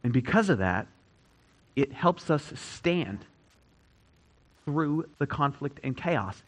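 A man preaching a sermon as a pastor, repeating key phrases and swinging between loud emphasis and hushed statements. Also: medium pitch, expressive, takes it slowly, low-quality recording.

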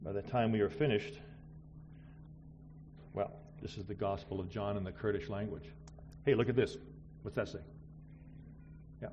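A middle-aged man preaching a missionary sermon, swinging between loud exclamations and quiet asides. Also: on the low side, steady tone, moderate pace, pauses often, lo-fi sound, a little hiss or hum.

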